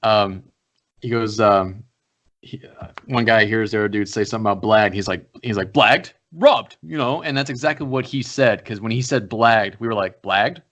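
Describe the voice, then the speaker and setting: A man co-hosting a podcast in casual chat, an animated storyteller who acts out quotes and swears. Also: fairly low pitch, fairly quick. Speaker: podcast co-host.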